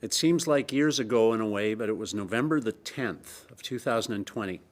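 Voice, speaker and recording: A middle-aged man with a Canadian accent, giving a measured, emphatic government press briefing statement with frequent pauses. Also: on the low side. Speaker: provincial premier.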